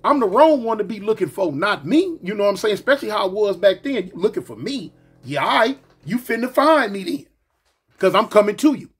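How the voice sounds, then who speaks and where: A man telling a story from his past casually, slangy and animated, acting out the other voices. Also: high-pitched, brisk, breathy edge.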